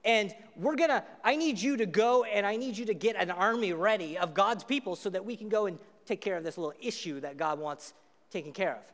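A man's voice: sits high, a little fast, a bit bright, big-room sound. A man voicing a wise, commanding woman leader who rallies her people. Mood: rallying. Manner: commanding, rallying.

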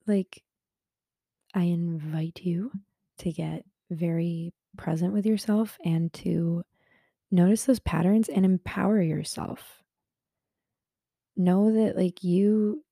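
Young woman podcast host, gravelly low voice, earnest self-help chat with lots of fillers, dry close sound. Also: dark tone, dry recording. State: a little hungover. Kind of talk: casual self-help talk. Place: in her bed at home.

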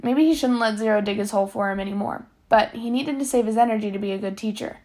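A woman reading a novel aloud, steady, sometimes stumbling and correcting herself. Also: medium pitch, fast talker. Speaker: reader.

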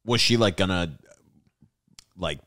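A man's voice: low voice, slow, pushed and bright, no echo, clean studio sound. A male podcast co-host in casual chat, reacting to a story with stunned exclamations and short questions.

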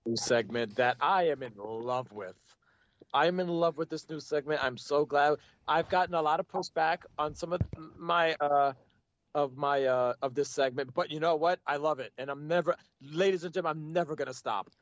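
A man's voice: a little high, moderate pace, lo-fi sound. A man hosting a podcast in casual chat, playfully announcing with mock grandeur. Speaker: podcast host.

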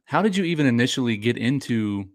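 A man's voice: medium pitch, animated, fast. Curious male podcast co-host asking questions. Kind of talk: casual interview questions.

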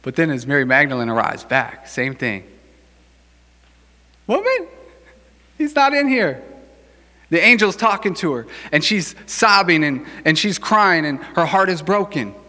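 Male pastor, relaxed joking sermon delivery, forceful tone, long hall reverb. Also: fairly high pitch, moderate pace, hardly any pauses. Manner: casual, joking, conversational preaching.

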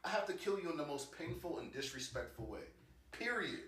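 A man's voice: on the high side, a little fast, recorded from a distance, slight background noise. Guy talking loose and profane, laughing a lot, echoey room, a bit off mic. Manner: animated, profane, laughs often. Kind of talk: casual chat.

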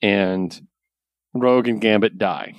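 A man co-hosting a casual podcast, recapping a story with animated storytelling and filler words. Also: on the low side, slow pace, no echo, highs cut off. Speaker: podcast co-host, comic reviewer. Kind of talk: casual chat.

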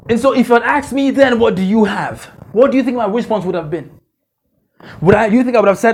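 A man's voice: high-pitched, a little fast, darkish tone, slightly rough. A male pastor preaching a conversational sermon at a church conference, repeating phrases and checking in with the congregation.

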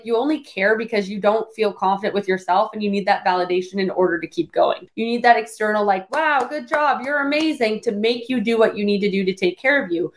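Woman podcast host, solo monologue, filler-heavy coaching talk, pitched a bit high. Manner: rambling, heavy use of "like" fillers; coaching, direct address to listeners.

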